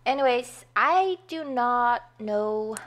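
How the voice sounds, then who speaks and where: High-voiced young woman playing a game. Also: animated, slow pace, fairly bright tone. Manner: chatty, easily startled, swears when frustrated. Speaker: gaming youtuber. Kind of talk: casual gameplay commentary. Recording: faint game music behind.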